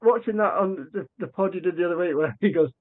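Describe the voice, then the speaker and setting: Over a tinny remote line that sounds like a phone, a high-voiced podcast guest speeds through a conversational story. Animated, he performs the quoted dialogue in character and frequently starts his sentences over.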